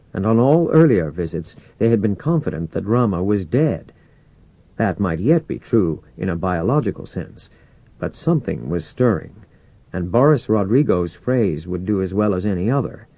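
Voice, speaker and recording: A man narrating a novel in a low, mellow voice, with lively rises and falls in pitch. His measured, expressive reading is recorded close and dry, with no room sound. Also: no echo. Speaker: audiobook narrator. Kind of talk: scripted narration.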